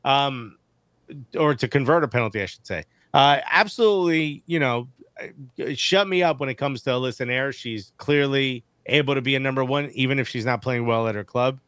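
A man co-hosting a casual sports podcast, animated and joking, using slang, on a studio mic. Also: medium pitch, moderate pace, smooth, no room sound. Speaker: podcast co-host.

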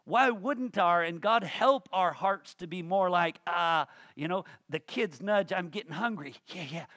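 A man's voice: sits high, unhurried, a bit bright, no echo, clean studio sound. A male pastor preaching a sermon, folksy and humorous, rising to fervent emphasis.

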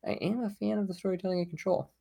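A man co-hosting a casual gaming podcast, telling stories in an animated way. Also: high-pitched, racing, creaky, slightly rough. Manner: animated storytelling. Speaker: podcast co-host. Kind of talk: casual chat.

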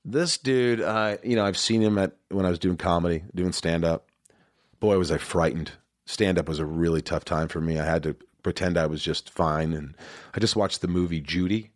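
A man's voice: sits low, normal speed, no room sound, clean studio sound. A man in his forties, a podcast host, talking earnestly and emphatically in a rambling, confessional way. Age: 40s. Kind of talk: casual confessional talk.

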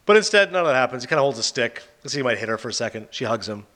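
A man hosting a casual chat, retelling film plots and reviews with an animated, sarcastic manner. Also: medium pitch, racing. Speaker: podcast host reviewing films.

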